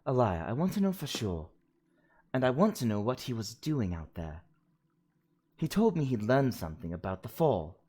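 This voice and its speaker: Man doing a stern, anxious old woman professor with a lively delivery. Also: mid-range voice, moderate pace, slightly rough. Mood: insistent. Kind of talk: reading game dialogue aloud.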